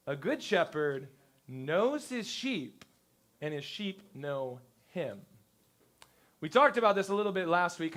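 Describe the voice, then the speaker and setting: A male pastor giving a conversational sermon to his congregation, telling lively stories and acting out the people he quotes. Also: sits high. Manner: lively storyteller who acts out quotes. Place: church service before a congregation.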